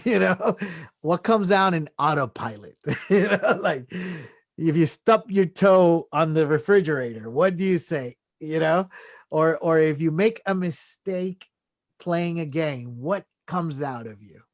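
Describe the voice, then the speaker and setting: At a measured pace, an animated man with a fairly high voice offers earnest self-help advice as a podcast guest, in clean studio sound without echo. His delivery is casual, full of "right?" and "you know," with chuckles between points.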